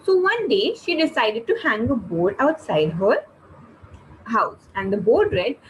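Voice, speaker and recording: A woman's voice: on the high side, measured pace, dull audio, a little hiss or hum. A woman teaching kids online, telling a story and asking the class questions. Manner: lively, questions the class, explains words.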